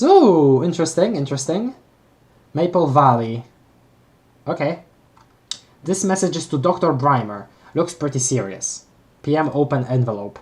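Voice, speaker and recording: Stumbling, excitable webcomic live-reader. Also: medium pitch, a little slow, pauses often. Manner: reads aloud with frequent stumbles and restarts; emotional, gasping reactions. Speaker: streamer reading a webcomic aloud. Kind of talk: live read-along with reactions.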